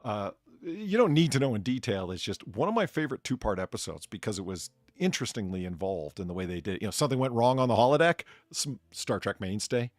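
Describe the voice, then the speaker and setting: A man's voice: mid-range voice, big pitch swings, quick pace, few pauses, no room sound, clean studio sound. A man hosting a casual chat, telling stories animatedly and laughing often. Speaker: streamer bartender host.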